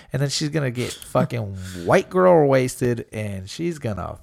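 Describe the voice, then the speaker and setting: A man's voice: medium pitch, lively intonation, moderate pace, gravelly, hardly any pauses, darkish tone. A young man co-hosting a podcast, talking casually and profanely, rambling and acting out quotes. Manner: rambling, profane, acts out quotes in raised voices. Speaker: podcast co-host. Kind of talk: casual chat.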